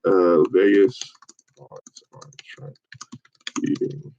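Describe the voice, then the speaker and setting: A man volunteering as a phone banker, chatting casually and swearing between calls, then switching to an upbeat salesman's pitch on the phone. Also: level tone, slow, dark tone, highs cut off, a little hiss or hum. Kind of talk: casual livestream chat with live phone calls.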